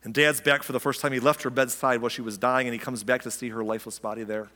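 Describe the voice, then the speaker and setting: A man's voice: medium pitch, steady tone, fast talker, sharp tone, in a large hall. A man preaching a sermon in a conversational way, asking his listeners questions and acting out quotes. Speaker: pastor.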